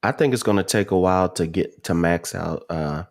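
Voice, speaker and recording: A man's voice: deep voice, fairly quick, vocal fry. A man on a gaming podcast panel, chatting easily and agreeing with the others. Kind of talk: casual panel chat.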